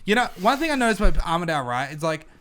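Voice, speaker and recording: A young man with an Australian accent hosting a casual podcast chat, playful and quick to laugh. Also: high-pitched, big pitch swings, pushed and bright, clear, resonant tone. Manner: playful, laughing, runs the game. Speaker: podcast host.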